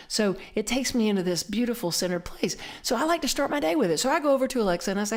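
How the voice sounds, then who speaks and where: A middle-aged woman with a Southern accent gives a conversational sermon, reflective, slowing down and repeating key phrases for emphasis. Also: mid-range voice, lively intonation. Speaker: minister.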